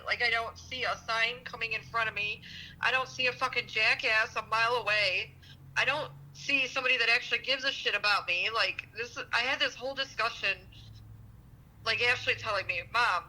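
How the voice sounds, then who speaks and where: A woman's voice: a little high, pushed and bright, poor audio. A woman in her forties talking on a podcast, raw and self-critical, swearing heavily. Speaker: advice seeker, guest. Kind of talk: emotional podcast conversation.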